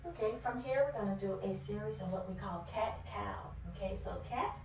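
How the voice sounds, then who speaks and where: A woman leading a kids yoga class, guiding poses gently and praising often. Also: mid-range voice, normal speed, few pauses. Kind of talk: guided yoga class for children. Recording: echoey room from far off with faint noise.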